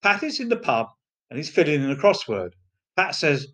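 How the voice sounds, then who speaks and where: Pub-joke reader; lively voice, lots of pitch movement. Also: normal speed, breathy edge, muffled recording. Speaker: joke teller. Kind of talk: reading pub jokes aloud.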